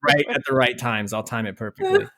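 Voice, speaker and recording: A man's voice: mid-range voice, wildly swooping pitch, a little fast, fairly bright tone. A man co-hosting a podcast, joking and self-deprecating in casual chat. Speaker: podcast co-host.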